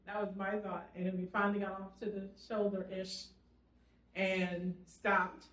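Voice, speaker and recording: A middle-aged woman, the vlogger's mother, retelling an event in a steady, measured way with frequent fillers. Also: mid-range voice. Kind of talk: casual storytelling. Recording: roomy sound, mic at a distance.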